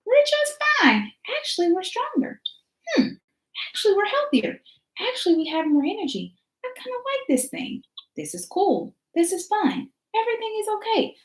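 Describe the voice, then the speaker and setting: A woman voicing a person's own body as an alarmed, protective figure that protests in a high, frantic voice. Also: big pitch swings, moderate pace. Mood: relieved. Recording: roomy echo.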